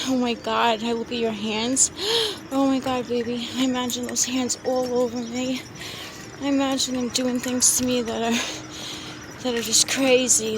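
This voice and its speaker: A woman walking outdoors through a city park, talking into her phone in a rambling, breathy, gushing way full of swearing and exclamations. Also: high voice. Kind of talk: rambling confessional monologue to an absent lover. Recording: outdoor street noise and traffic. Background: street ambience with passing vehicles.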